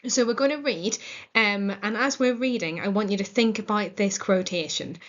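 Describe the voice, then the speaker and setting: A woman's voice: mid-range voice, normal speed, dull audio. English woman teaching a literature lesson. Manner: clear, explanatory, encouraging. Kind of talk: recorded video lesson.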